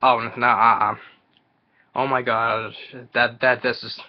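A man's voice: mid-range voice, little pitch movement, a little slow. A man ranting in a movie trailer reaction video. He stumbles, restarts and repeats himself in exasperation. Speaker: movie reviewer vlogger. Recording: dull lo-fi recording.

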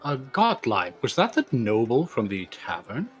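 A man's voice: medium pitch, huge pitch swings, faint music behind. Guy hamming it up as his character, lofty wording, lots of uhs, voice jumping up and down wildly. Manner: grandiose in-character speech with halting fillers. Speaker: player. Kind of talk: playing a tabletop game.

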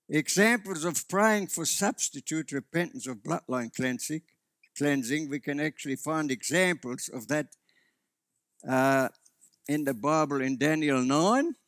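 A man's voice: fairly high pitch, a bit bright, no room sound, studio quality. A man preaching a sermon as pastor, earnest and often restarting his sentences. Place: church.

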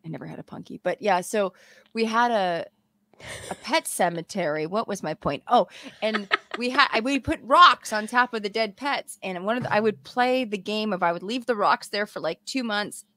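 A woman from Los Angeles, guest-hosting a podcast in casual chat, who tells stories in an animated way and acts out quotes. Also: mid-range voice, normal speed, no echo. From Los Angeles, California. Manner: animated storytelling, acting out quotes with laughter. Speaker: guest host.

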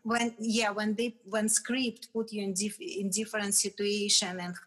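Woman, English, mid-pitched voice, frequent restarts, casual interview guest. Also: a little slow, breathy edge. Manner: animated, restarts often, laughs between phrases. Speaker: guest, retired fitness champion.

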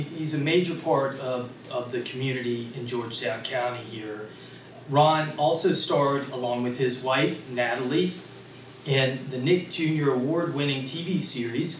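A man's voice: mid-range voice, fairly bright tone. A man introducing a guest speaker at a library event, reading the introduction with frequent fillers. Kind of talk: formal introduction. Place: library meeting room. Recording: roomy echo, distant mic, faint noise.

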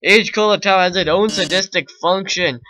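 A man's voice: high-pitched, sharp tone, slight background noise, low-quality recording. A man voicing a flamboyant male showbiz robot villain in a theatrical, camp manner, over game music. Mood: mock-tragic. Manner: dramatic, camp, drawn-out mock grief.

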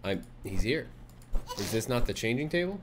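A man's voice: medium pitch, very animated, moderate pace, a little hiss or hum. A young man giving casual gameplay commentary on a let's play, reacting with startled yelps and swearing and cooing at an in-game baby.

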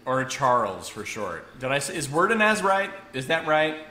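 A man hosting a casual live stream, excitable and rambling, laughing often between restarts. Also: mid-range voice, moderate pace, echoey room. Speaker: host.

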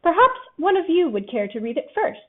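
A woman voicing a gentle, simple-minded male teddy bear in a storybook reading. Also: extremely high pitch, sing-song, a little fast, voice pushed up. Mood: earnest. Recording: tinny phone-like audio.

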